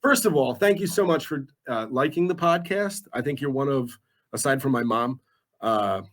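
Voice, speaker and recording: A man's voice: medium pitch, normal speed. A man in his forties, a radio DJ guest, chatting casually in a laid-back, self-deprecating way. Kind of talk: casual chat.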